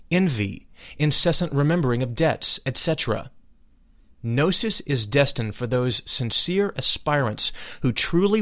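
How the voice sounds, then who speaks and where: A man giving a solemn, measured reading of a spiritual text, dwelling deliberately on each phrase. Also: medium pitch, a bit bright. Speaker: reader of spiritual teachings.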